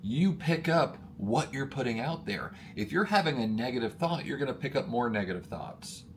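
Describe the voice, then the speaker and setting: An emphatic male coach with a mid-pitched voice, speaking straight to camera with rising energy. He addresses his audience as friends and pushes each point hard. A faint hiss of noise sits under the recording. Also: normal speed. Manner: energetic, emphatic, gets worked up. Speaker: motivational coach. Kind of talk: motivational talk to camera.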